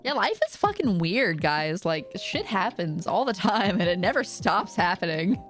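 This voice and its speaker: A woman's voice: mid-range voice, very animated, measured pace, a bit bright, soft background music. Rambling laughing woman streamer. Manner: rambling, laughs often, lots of "like". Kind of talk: casual storytelling chat.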